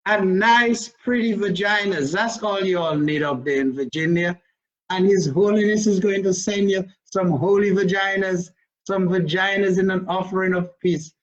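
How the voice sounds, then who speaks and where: A man's voice: high voice, fairly bright tone, dull audio. A man giving a rambling video monologue as a self-styled religious leader, crude and defiant in his talk.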